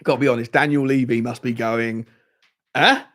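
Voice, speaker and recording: A man's voice: mid-range voice, fairly even intonation, fast talker. A man hosting a live football fan watchalong, chatting casually, reading out viewer comments and putting questions to his audience. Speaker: football fan channel host.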